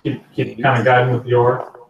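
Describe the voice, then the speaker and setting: A man's voice: medium pitch, flat delivery, brisk, vocal fry, lo-fi sound. A man narrating as game master of a tabletop game, rambling with many fillers. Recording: roomy, distant mic, faint noise.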